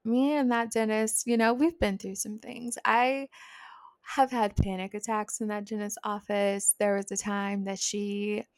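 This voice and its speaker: A woman's voice: mid-range voice, a little slow, no echo, clean studio sound. A woman in her twenties telling a personal story in a casual, chatty way, full of "like" fillers. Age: 20s. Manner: chatty, animated, lots of "like" fillers. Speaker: vlogger.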